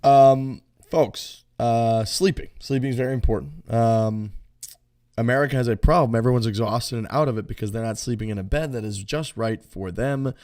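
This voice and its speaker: A man co-hosting a podcast, talking in a relaxed, rambling way with many fillers, including a loose sponsor read. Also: mid-range voice, moderate pace. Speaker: podcast co-host.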